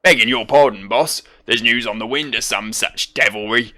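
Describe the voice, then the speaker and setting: A man voicing a gruff middle-aged male sky pirate, reading the game's lines aloud in an old-timey pirate growl. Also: medium pitch, moderate pace, sharp tone, natural voice. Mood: scornful. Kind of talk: reading game dialogue aloud in voices.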